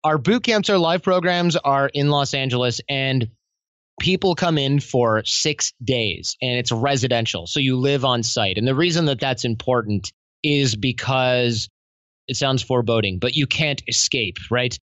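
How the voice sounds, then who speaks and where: A man speaking as a podcast guest, telling stories in an animated way and acting out quoted lines in other voices. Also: mid-range voice, unhurried, dry recording, highs cut off. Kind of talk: conversational interview.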